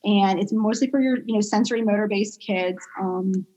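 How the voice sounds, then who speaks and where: Woman, pediatric speech therapist guest, casual interview chat, filler-heavy, animated storytelling. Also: mid-range voice, normal speed, muffled recording.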